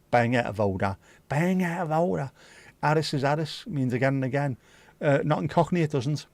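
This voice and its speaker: A man's voice: medium pitch, a little mellow, dry recording. A man hosting a livestream, chatting casually and answering viewer comments in a blunt, opinionated way, swearing freely. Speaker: livestream host.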